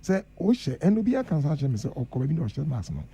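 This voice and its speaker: A man's voice: on the high side, sing-song, fast, gravelly, mellow, slightly rough. A Ghanaian man speaking as the guest professor on a radio panel, earnest and emphatic, switching between Twi and English. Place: radio studio.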